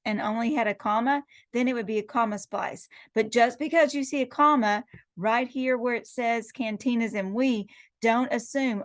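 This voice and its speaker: A woman's voice: fairly high pitch, moderate pace, no room sound. A middle-aged woman teacher going through quiz answers one by one, explaining each step with rhetorical questions. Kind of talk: recorded lecture going over quiz answers.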